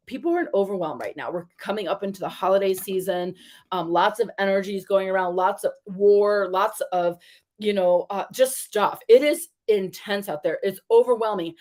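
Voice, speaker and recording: A woman reads spiritual cards for an online audience in a friendly, chatty way. She keeps reassuring her listeners and turns lively when she retells her own stories. Her voice sits in an ordinary middle pitch. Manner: chatty and encouraging, addresses viewers as you guys. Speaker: tarot reader. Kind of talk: spiritual card reading to viewers.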